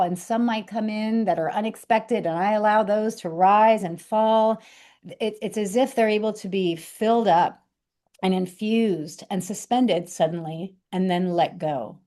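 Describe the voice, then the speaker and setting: A woman teaching a reflexology class in a gentle, unhurried and reflective way, with frequent fillers and restarts. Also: medium pitch. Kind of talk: gentle instructional talk.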